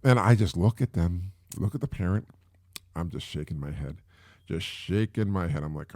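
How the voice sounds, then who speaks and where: A man's voice: sits low, normal speed, darkish tone, no echo, clean studio sound. A middle-aged man hosting a solo podcast, talking in a rambling, casual way with many fillers and repeats. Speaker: podcast host.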